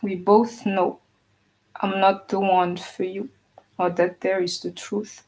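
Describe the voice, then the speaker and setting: A woman's voice: medium pitch, flat delivery, takes it slowly, darkish tone, rough recording. A woman giving a casual tarot reading, talking earnestly and emphatically to an absent partner, with many "you know"s and "like"s. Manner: speaks directly to an absent partner. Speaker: tarot reader.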